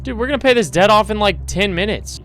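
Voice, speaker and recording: A young man commentating and narrating a horror game, excitable and slangy, swearing often. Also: high-pitched, quick pace, soft background music. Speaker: gaming YouTuber.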